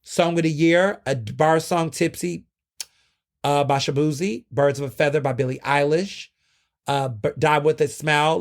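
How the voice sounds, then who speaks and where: A young man with a fairly high voice talks through his own podcast in a loose, chatty solo style. He turns dramatic and jumps up in pitch when he gets excited. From United States. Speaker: podcast host. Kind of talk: casual solo commentary.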